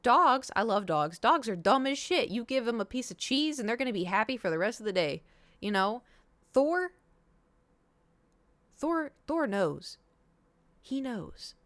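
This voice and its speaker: Smooth-voiced woman rambling through a story. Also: on the high side, expressive, brisk, a bit bright, no echo. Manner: rambling storytelling, acts out quoted dialogue, swears. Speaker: streamer. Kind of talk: casual chat to stream viewers.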